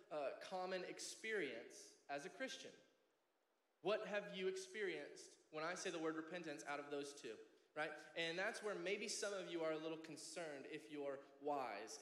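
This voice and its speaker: A man's voice: a little high, normal speed, a bit bright. A man in his thirties preaching a sermon as pastor, passionate and conversational, often checking in with "right?". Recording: echoey hall reverb.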